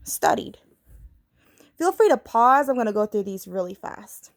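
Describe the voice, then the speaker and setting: A young woman teaching a recorded spelling lesson to third graders, playful and self-mocking, spelling words out slowly letter by letter. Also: fairly high pitch, very animated.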